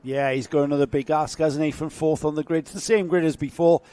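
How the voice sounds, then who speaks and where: A man's voice: on the high side, a little fast. A man giving live, chatty race commentary that lifts on the action. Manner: chatty, jokey, rising excitement on action.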